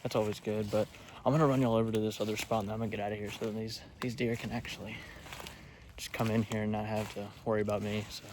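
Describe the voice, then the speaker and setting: Young man, low voice, laid-back rambling, half-hushed outdoor vlog, noisy outdoor recording. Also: little pitch movement, fast. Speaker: hunting vlogger. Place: outdoors in woods by a food plot. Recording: outdoor noise behind. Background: outdoor noise.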